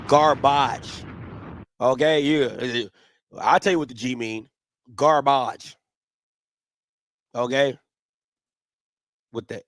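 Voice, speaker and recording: A young man hosting a show, delivering blunt, opinionated sports commentary in an animated rant. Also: mid-range voice, no echo, clean studio sound.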